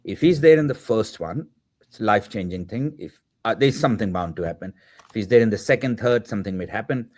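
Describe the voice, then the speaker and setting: A filmmaker guest in his fifties tells a personal anecdote in a lowish, slightly mellow voice, speaking fairly quickly and with animation. Reflective and using the odd filler word, he acts out the quoted dialogue as he goes.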